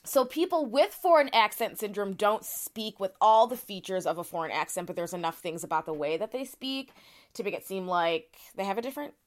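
A woman's voice: mid-range voice, lively intonation, fairly quick. A woman talks through a topic for a podcast in an easygoing, conversational way. She leans on fillers and often restarts her sentences as she explains. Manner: chatty, many "like" fillers and restarts. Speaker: podcast co-host presenting research.

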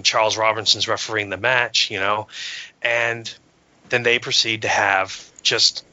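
A man's voice: lowish voice, pushed and bright, no echo. A man in casual podcast chat, telling an enthusiastic story with many fillers and restarts. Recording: dull lo-fi sound.

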